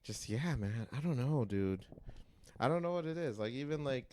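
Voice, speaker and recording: Excitable, foul-mouthed podcast guy. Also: medium pitch, moderate pace. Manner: excitable, swears freely, jokey. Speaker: podcast co-host. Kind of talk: casual chat. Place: Toronto.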